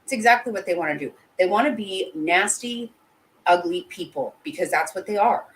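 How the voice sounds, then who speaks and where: A woman's voice: on the low side, lively intonation, normal speed, low-quality recording. A woman hosting a live commentary and answering her chat, blunt and heated, swearing often and restarting sentences. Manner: emotional, with frequent restarts. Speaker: channel host.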